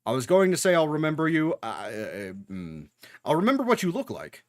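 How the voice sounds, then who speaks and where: Lively young man reacting to anime. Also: a little high, fairly quick, no room sound, studio quality. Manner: talks back to the screen, joking and swearing. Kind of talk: casual live reaction commentary.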